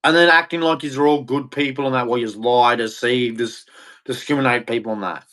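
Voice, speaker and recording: A man's voice: mid-range voice, fairly even intonation, a little fast, fairly bright tone. Blunt, mocking man ranting. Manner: blunt, mocking, acts out others in voices. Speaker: host. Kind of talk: opinionated rant.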